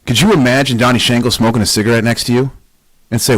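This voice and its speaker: A man's voice: mid-range voice, fairly even intonation, fast talker, no echo, rough recording. A man hosting a weightlifting podcast in a casual, motivational monologue. He is emphatic and blunt, swears, and fires off rhetorical questions.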